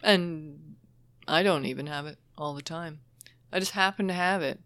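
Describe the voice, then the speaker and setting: A woman who trains dementia caregivers, telling stories conversationally, lively and emotional, often laughing as she talks. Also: low-pitched, normal speed, no echo. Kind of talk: conversational storytelling.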